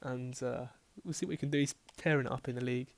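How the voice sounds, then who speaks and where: A man's voice: mid-range voice, steady tone, quick pace. A man casually talking through his fantasy football team picks, rambling and correcting himself as he goes. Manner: chatty, rambling, self-correcting, swears casually. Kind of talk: casual team-selection talk.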